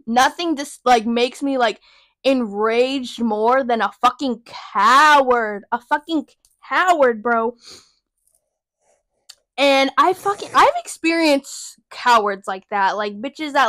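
A woman's voice: on the high side, slow, long pauses, bright, forceful tone, dry recording. A young woman hosting a podcast, venting in a heated, profane, emphatic way. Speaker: podcast host. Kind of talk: casual venting monologue.

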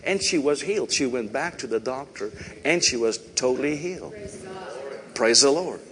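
A Canadian-accented pastor preaches a sermon in a church sanctuary, chatty and conversational, often checking in with "right?" and "you know". His medium-pitched voice is expressive, a bit bright, at normal speed, and echoes in a large hall.

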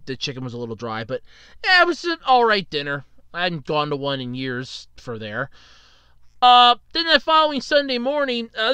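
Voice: mid-range voice, clear, resonant tone, no room sound. A podcast host telling rambling everyday stories in a casual solo chat, acting out what people said. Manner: rambling, animated anecdotes with acted-out quotes and laughs.

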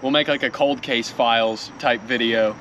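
A man's voice: mid-range voice, fairly even intonation, moderate pace, bright, forceful tone, lo-fi sound, slight background noise. A man co-hosting a car vlog who jokes and chimes in during casual chat. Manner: joking, chiming in. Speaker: co-host of car channel.

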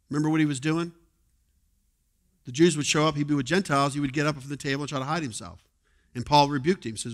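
A male pastor preaching a sermon in a conversational way, moving between quiet asides and loud exhortation. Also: on the high side, quick pace. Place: church sanctuary.

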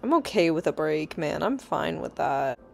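A woman's voice: low-pitched, big pitch swings, moderate pace, creaky, slight background noise. A young woman giving casual, easily scared let's-play commentary, chatty and swearing, with nervous laughs. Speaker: gaming YouTuber.

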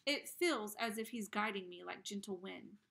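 Reading a novel aloud, a woman narrates in the first person with expressive, dramatic delivery. Her mid-range voice is creaky and moves at a moderate pace.

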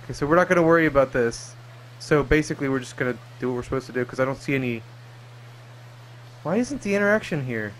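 A man's voice: medium pitch, lively intonation, fast, a bit bright, slight background noise. A young man giving profane, jokey let's-play commentary while he plays. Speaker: gaming channel host. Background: game music.

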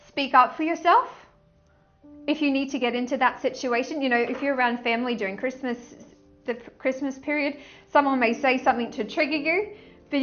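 A woman giving a casual tarot reading, gushing and excitable, often breaking into bits of song. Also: high voice, muffled recording. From Australia. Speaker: tarot reader.

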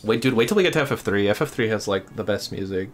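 A man streaming a game, chatting casually and excitably, swearing now and then. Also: on the low side, fast, slight background noise. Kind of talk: casual gameplay chat. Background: game music.

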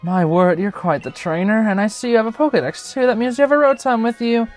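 A man voicing a polite, excitable male bike inventor in a prim, chirpy manner. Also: high-pitched, fast talker, soft background music, voice pushed up, close to an everyday voice. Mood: enthusiastic.

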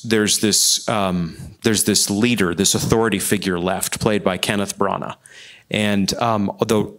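Brief: man, lowish voice, earnest panelist at a church Q&A, impassioned, restarts and repeats phrases. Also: fairly bright tone.

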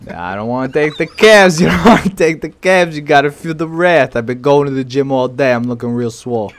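A man voicing a brash, gym-proud party guy, loud and swaggering with drawn-out words. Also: a little high, lively intonation.

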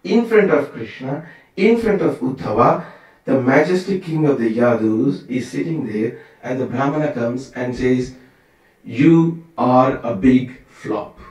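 A man teaching a scripture class in a loose, conversational way, tossing out rhetorical questions. His voice is mid-pitched and picked up from far off. The temple hall gives it a heavy, ringing echo. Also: moderate pace, darkish tone. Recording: very echoey room, from far off.

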